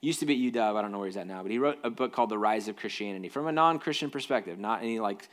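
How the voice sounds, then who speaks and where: A man's voice: fairly low pitch, lively intonation, very fast. A man preaching a sermon in a conversational way, reading scripture and breaking off into jokey asides. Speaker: pastor.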